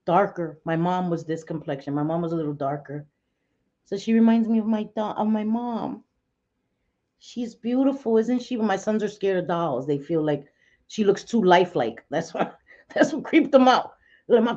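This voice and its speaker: A woman's voice: medium pitch, mellow. A middle-aged woman hosting a casual livestream from home, chatty and laughing often as she talks to viewers by name. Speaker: livestream host. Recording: dull lo-fi stream audio.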